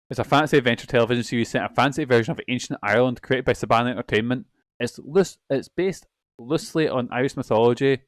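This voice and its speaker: A man's voice: mid-range voice, dry recording, studio quality. A young man streaming a video game, rambling and swearing often in casual, self-mocking chatter. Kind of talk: casual let's-play commentary.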